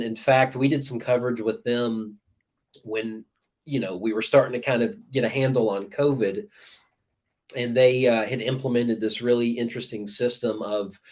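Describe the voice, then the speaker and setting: Guest, man, relaxed chat delivery, mid pitch, trails off softly. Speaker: guest horror writer. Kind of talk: casual interview chat.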